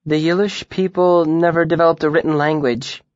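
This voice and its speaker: A man's voice: fairly high pitch, fairly even intonation, normal speed, no room sound, highs cut off, voice pushed up, natural voice. A man voicing a prickly, defensive young female student. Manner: defensive, muttering.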